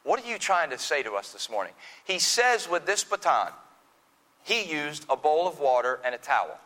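A man preaching a sermon, retelling a scripture story slowly and dramatically with quoted dialogue. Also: a little high, sing-song, pushed and bright, low-quality recording. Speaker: pastor.

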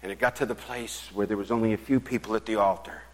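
Older male preacher, lower voice, loud then whispered, in a reverberant church. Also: fairly even intonation, fast. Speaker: pastor. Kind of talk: sermon storytelling.

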